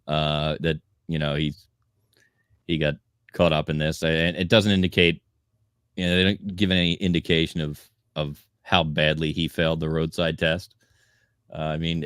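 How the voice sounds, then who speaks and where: A man's voice: rumbling low, moderate pace, fairly bright tone, no room sound, clean studio sound. A middle-aged man co-hosting a podcast, reading out news and chatting with restarts. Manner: reads news items aloud, then chats with hesitant restarts. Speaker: podcast co-host. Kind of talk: casual chat.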